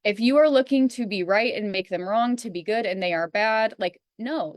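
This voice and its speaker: A woman's voice: mid-range voice, no echo, studio quality. A woman hosting an astrology reading, talking earnestly in a casual, coaching way with many "you know"s and "like"s. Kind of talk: casual spiritual talk.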